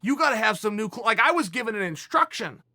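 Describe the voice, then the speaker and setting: Male host, 40s, high bright voice, dry close mic, animated casual storytelling. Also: fast, no echo. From Oregon, US. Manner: animated, emphatic storyteller with frequent restarts. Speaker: podcast host.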